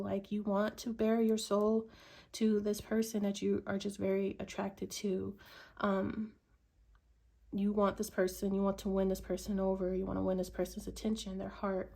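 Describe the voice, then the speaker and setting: A woman doing a tarot reading, musing slowly with many ums and likes. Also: mid-range voice, warm tone. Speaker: tarot reader.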